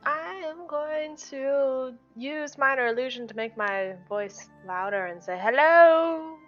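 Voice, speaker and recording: A woman's voice: sits high, fairly even intonation, unhurried, a bit bright, highs cut off, faint music behind. A woman playing a tabletop game, chatty and self-deprecating. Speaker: player. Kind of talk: casual tabletop play.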